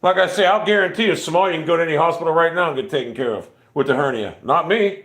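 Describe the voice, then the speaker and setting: A man's voice: a little high, rapid-fire, a bit bright. A man in his fifties hosting a casual livestream, talking in a profane, rambling and irritated way. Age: 50s. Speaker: livestream host.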